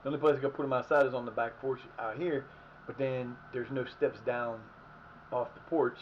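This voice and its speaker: With a hoarse, fading voice of medium pitch, a man streams gameplay from home at a moderate pace and a steady tone. He rambles between game chatter and talk of his day, swearing freely at his players, over slightly muffled audio with faint hiss.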